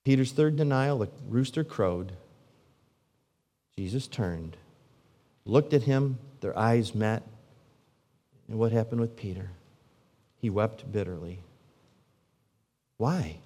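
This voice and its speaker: A man, a pastor, preaching a sermon full of rhetorical questions, his voice swinging from loud and emphatic to hushed and low. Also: slow pace, pauses often. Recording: long reverb of a large hall.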